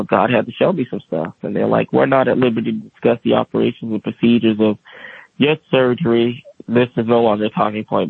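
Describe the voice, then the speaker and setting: Gravelly-voiced man telling his story. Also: mid-range voice, no room sound. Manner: animated, acts out quoted voices. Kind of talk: casual storytelling. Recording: tinny phone-like radio audio.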